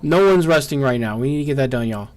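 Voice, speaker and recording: A man's voice: medium pitch, expressive, darkish tone. A man giving live gameplay commentary, frustrated and swearing, firing off strings of "no" as things go wrong. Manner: frustrated, swearing, repeating "no" rapidly. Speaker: gameplay streamer.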